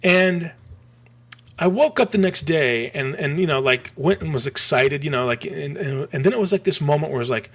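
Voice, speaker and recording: A man in his forties from Michigan, telling a rambling story as a podcast guest, full of restarts and animated asides. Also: on the high side, normal speed. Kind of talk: casual storytelling.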